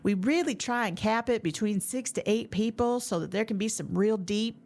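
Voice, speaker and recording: A woman imitating a friendly Southern gentleman, upbeat, with a light drawl. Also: medium pitch, normal speed, voice pushed up, lightly acted.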